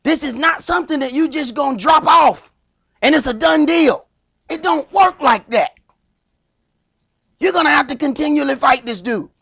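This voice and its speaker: In a congregation hall, a man with a Southern US accent teaches a Sabbath Bible class in a loud, animated sermon style, acting out little skits. His voice is very high-pitched with vocal fry.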